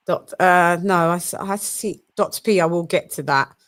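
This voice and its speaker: A woman's voice: on the low side, measured pace. A British woman hosting a casual online show, chatty, laughing and loose with her words. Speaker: host. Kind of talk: casual chat.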